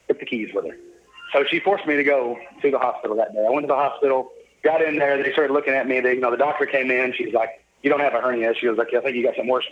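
A drawling, cheerful middle-aged man speaks at an easy middle pitch as a podcast guest, telling a long personal story in a casual interview. He's an upbeat, jovial storyteller who acts out quoted dialogue in other people's voices. The sound is a little dull and lo-fi with slight hiss or hum, suggesting a modest podcast setup.

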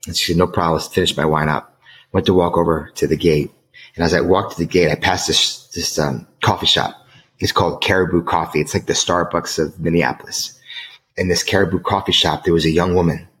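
A man's voice: deep voice, fairly bright tone. A middle-aged man from the United States telling a personal story as an interview guest, emotional, earnest and emphatic. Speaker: guest author.

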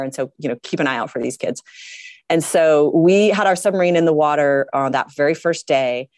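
A middle-aged woman, a guest astronaut, telling her story in an interview in a lively way, often laughing. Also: low voice, dry recording, clean studio sound. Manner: animated, laughs often, acts out quotes.

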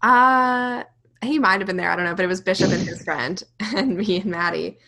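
A young woman co-hosting a podcast in casual chat, talking fast and loose with lots of "like" and "literally". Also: medium pitch, creaky, bright, forceful tone. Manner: chatty, says "like" and "literally" a lot. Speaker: podcast co-host.

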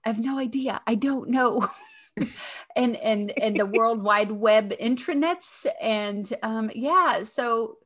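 A woman's voice: fairly high pitch, slow pace, a bit bright. Woman, 40s, Southern US accent, casual podcast chat, joking, laughs a lot. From Indiana, raised in Kentucky. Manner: chatty and joking, lots of ums and laughs. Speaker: podcast co-host.

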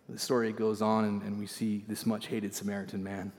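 A man preaching a sermon as pastor. He swings from loud emphasis to hushed near-whispers and repeats key lines. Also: on the low side, fairly even intonation, brisk, few pauses, in a large hall.

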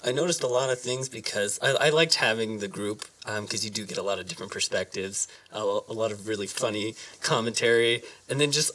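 Soft hesitant man, a bit off-mic. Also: mid-range voice, no room sound, distant mic. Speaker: panelist. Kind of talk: casual chat.

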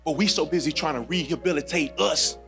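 Guest preacher, male, high-pitched, dynamic sermon delivery, faint music bed. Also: brisk. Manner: preaching with big swings from hushed to shouted; casual, conversational with playful voiced asides.

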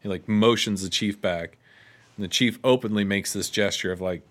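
A man's voice: lowish voice, normal speed, fairly bright tone. A man co-hosting a casual chat, retelling an old legend with quoted lines and offhand asides. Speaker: podcast co-host.

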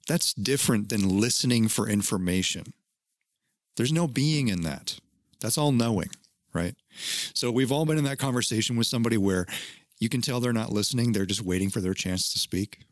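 A man's voice: lowish voice, expressive, normal speed, dry recording, studio quality. A man hosting a casual podcast chat, talking in an earnest, teacherly way and swearing now and then. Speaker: podcast host.

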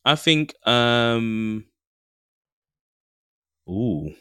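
A young man co-hosting a laid-back podcast, talking with an animated voice that swings up and down. He sounds playful and relaxed. The recording is close and dry. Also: medium pitch, drawn-out words, smooth, no echo. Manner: animated, laughing, mimics voices for jokes. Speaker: podcast co-host. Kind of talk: casual chat.

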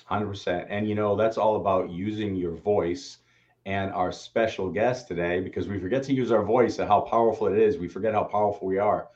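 A laid-back man co-hosting a casual chat, easygoing and calm. His voice sits low, and the audio is dull and lo-fi, like an online call. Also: brisk, few pauses. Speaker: co-host.

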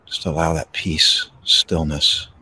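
A man hosting a podcast, guiding a slow, soothing breathing meditation outdoors. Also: very deep voice, breathy edge. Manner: slow, soothing, calm delivery with pauses. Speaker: podcast host and meditation guide. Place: outdoors in a park. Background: birds.

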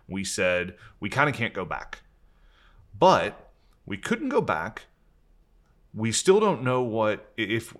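Earnest low-voiced man telling his story. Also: fairly bright tone. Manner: earnest, frequent restarts, speeds up and slows down. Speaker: company leader and podcast host. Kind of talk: candid conversational storytelling.

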